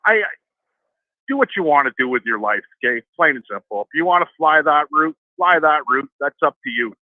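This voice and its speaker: A middle-aged man calling in, telling a rambling, profane story and quoting others with lively voices. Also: a little high, fairly quick, dry recording. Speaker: caller. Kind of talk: casual phone-in storytelling. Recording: tinny phone line.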